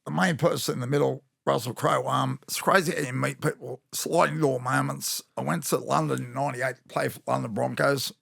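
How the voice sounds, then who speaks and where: A man's voice: mid-range voice, steady tone, a little fast, creaky, few pauses, fairly bright tone, husky, no echo, clean studio sound. An Australian former rugby league player in his fifties, telling rambling, blokey stories with slang on a podcast. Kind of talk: casual storytelling chat.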